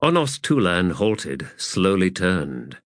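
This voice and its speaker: Slow, expressive male audiobook narrator. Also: sits low, no room sound, clean studio sound. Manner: measured, expressive reading. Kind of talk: audiobook narration of fantasy fiction.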